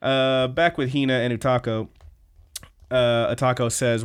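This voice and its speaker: A man's voice: mid-range voice, a little slow, clear, resonant tone. A man hosting a podcast, recapping an anime episode in casual, profane chat, acting out bits as he retells. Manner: profane, animated retelling with acted quotes. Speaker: podcast host.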